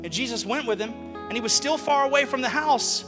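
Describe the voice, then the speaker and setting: Guy preaching in a church, really high bright voice, big hall echo, bit of music under it. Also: fairly quick. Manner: animated, acts out Bible stories in casual slang. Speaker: pastor. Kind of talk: lively sermon.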